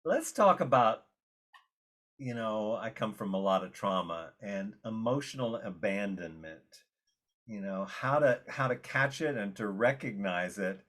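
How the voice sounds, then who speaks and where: A man interviewing an author and asking relaxed questions about his book. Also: lowish voice, measured pace.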